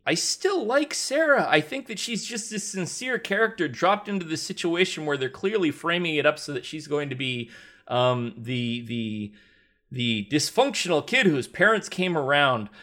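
A man's voice: fairly high pitch, lively intonation, measured pace, fairly bright tone. A Canadian man co-hosting a TV recap podcast, rambling and joking in casual chat. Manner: rambling, jokey, trailing off and restarting. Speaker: podcast co-host.

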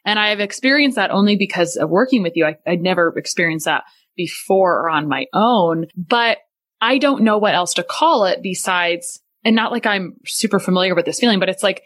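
A woman's voice: mid-range voice, normal speed, no room sound. A woman hosting an interview, asking curious questions and thinking aloud.

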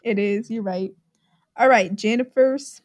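A young woman from Texas co-hosting a podcast in casual chat, joking and quick to laugh. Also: on the high side, darkish tone. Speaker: podcast co-host.

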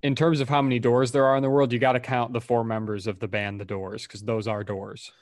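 A young man with a mid-range voice co-hosts a podcast, laying out silly reasoning in a flat, deadpan manner. The recording is dry and close to the mic. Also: mid-range voice, a little fast, no echo. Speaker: podcast co-host. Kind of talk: casual chat.

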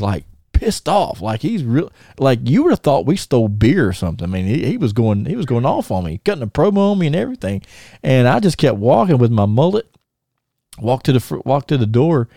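A man hosting a podcast, telling lively anecdotes in a casual chat and often laughing as he acts out what people said. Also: medium pitch, no echo, studio quality. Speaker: podcast host.

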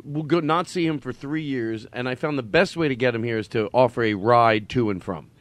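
Dude rambling in casual chat, dry close mic. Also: male voice, mid-range voice, fairly quick, dry recording.

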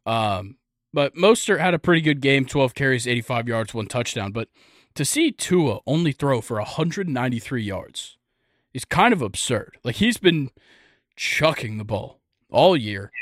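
A man's voice: mid-range voice, expressive, moderate pace, a bit bright, no echo, studio quality. A young man hosting a casual sports podcast, rambling and joking with lots of fillers. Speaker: podcast host.

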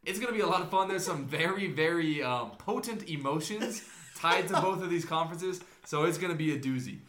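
Male podcast co-host, energetic, upbeat, bright forceful voice, echoey room. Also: high voice. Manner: energetic, upbeat, explains at length. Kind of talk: casual sports podcast chat.

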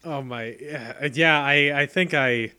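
A man's voice: mid-range voice, slow pace, pushed and bright, clean tone. A man co-hosting a podcast, recapping a movie's plot in wry, laid-back casual chat. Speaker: podcast co-host.

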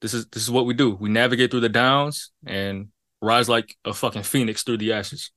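A man's voice: medium pitch, fairly even intonation, normal speed, a bit bright, dry recording, studio quality. A man co-hosting a casual podcast chat, talking frankly and rambling, with swearing and laughs. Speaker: podcast co-host.

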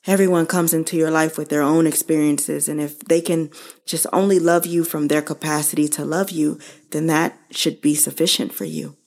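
A woman hosting her own show, speaking slowly and earnestly to listeners about losing her mother and how to grieve. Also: low voice, steady tone, a little mellow. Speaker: podcast host. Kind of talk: personal reflective monologue.

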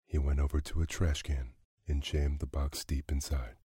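A man calmly reading a children's story aloud as a bedtime narrator, close to the mic. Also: rumbling low, normal speed, hardly any pauses, husky, no room sound.

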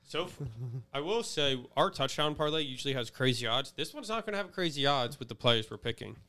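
A man hosting a casual sports chat with a bright, tense edge and a clean, resonant voice. He talks loosely and swears freely while steering the segment along. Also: a little high, expressive, a little fast. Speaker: podcast host.

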